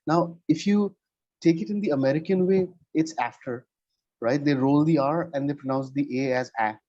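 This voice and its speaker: Checking in with "right?" almost every time he makes a point, this man patiently teaches English one-on-one by video call. He speaks briskly, his voice on the high side with a dark tone. The audio is dry and the highs are cut off.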